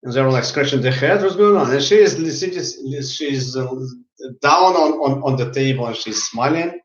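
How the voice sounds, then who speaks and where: A man's voice: medium pitch, moderate pace. A man who works as a healer tells a story in casual speech, often repeating and restarting his words. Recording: roomy, dull lo-fi sound.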